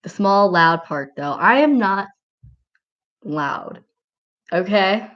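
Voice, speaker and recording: A woman's voice: mid-range voice, lively intonation, takes it slowly, lo-fi sound. A woman chatting casually on a livestream and reading out comments, rambling and giggling with lots of filler words.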